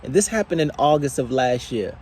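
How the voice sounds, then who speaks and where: A man delivering an impassioned, angry monologue as a vlogger, swearing often and speaking in slow, deliberate phrases. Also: mid-range voice, lively intonation, a little mellow, a little hiss or hum.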